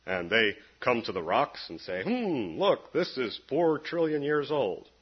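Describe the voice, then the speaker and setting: Male preacher, husky voice, lively delivery full of sarcastic jabs, dull lo-fi sound. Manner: animated, sarcastic jabs, quick pitch jumps. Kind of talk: sermon.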